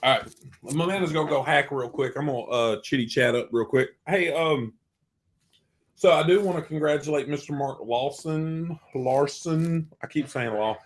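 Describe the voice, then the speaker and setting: A man's voice: fairly high pitch, moderate pace, slightly rough. A man with a Southern US accent co-hosting a casual livestream, teasing and rambling as he chats. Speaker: co-host of a travel livestream.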